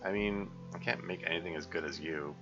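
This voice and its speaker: A man's voice: sits low, a little fast, highs cut off, music in the background, natural voice. A man voicing a shy, clumsy young female zombie who stammers and hesitates. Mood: self-deprecating.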